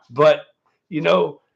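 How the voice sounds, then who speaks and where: A man's voice: on the high side, vocal fry, husky, dull audio. A man hosting his first livestream in a casual, rambling way, full of fillers and a little nervous. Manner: laid-back, rambling, lots of fillers and "man". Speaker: livestream host.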